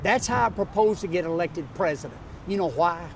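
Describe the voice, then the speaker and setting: A man in his sixties with a Louisiana Southern accent, a political candidate giving an emphatic campaign pitch in an interview, driving home his points with repeated lists. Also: expressive, fairly quick, gravelly, background noise. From North Louisiana, USA. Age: 60s. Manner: emphatic, repetitive rhetorical lists.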